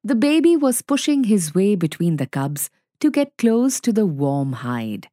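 A woman reading a story aloud clearly and expressively for learners to follow. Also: mid-range voice, sing-song, unhurried, hardly any pauses, dark tone, no echo, clean studio sound. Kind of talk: slow read-aloud for learners.

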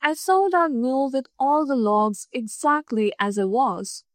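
A woman voicing a clever, calm young woman who speaks politely and with quiet cunning in a storybook reading. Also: high-pitched, unhurried, no room sound, studio quality. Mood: composed. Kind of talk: storybook narration.

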